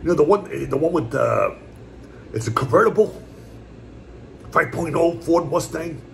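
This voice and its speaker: A man in a casual home eating vlog, rambling along in a relaxed, repetitive way as he talks to his viewers. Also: a little high, normal speed, gravelly, slight background noise. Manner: laid-back, rambling, repeats "my brothers" and "puppy". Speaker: mukbang vlogger. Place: at home, indoors.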